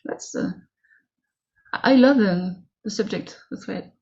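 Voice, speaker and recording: A woman with a French accent chats as a guest on a podcast. She speaks in halting, careful English and often stops to search for the right word. Her audio is a little dull and muffled. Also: medium pitch, dark tone. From France. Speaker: guest author. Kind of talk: casual podcast chat.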